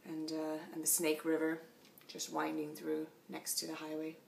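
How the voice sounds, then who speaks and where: A woman's voice: low-pitched, completely flat delivery, normal speed, gravelly, darkish tone, recorded from a distance, a little hiss or hum. A tired woman chatting casually in a video diary about her cycling trip, laughing often, in a small motel room. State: tired after a long flight. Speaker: long-distance cyclist vlogging.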